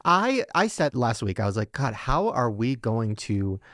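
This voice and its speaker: A man's voice: mid-range voice, sing-song, measured pace, a bit bright, no room sound, clean studio sound. A man hosting a casual podcast, laughing often and playful, at times slipping into a country drawl. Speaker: podcast host. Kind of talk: casual chat.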